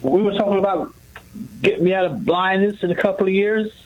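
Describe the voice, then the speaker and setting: A man's voice: sits high, a little fast, phone-quality sound. A man calling in to a radio show, speaking hesitantly and repeating words. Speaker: caller.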